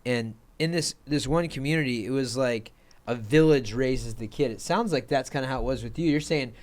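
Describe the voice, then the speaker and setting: A man's voice: medium pitch, brisk, a little mellow. Rambling male podcast host. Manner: rambling, many fillers. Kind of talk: casual interview chat.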